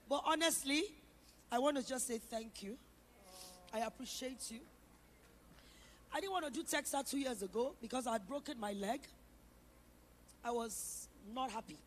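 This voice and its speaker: A woman's voice: high-pitched, normal speed, long pauses, sharp tone, slight background noise. A woman giving an effusive, emotional thank-you speech on a conference stage, repeating herself as she calls her team up. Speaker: event founder and host.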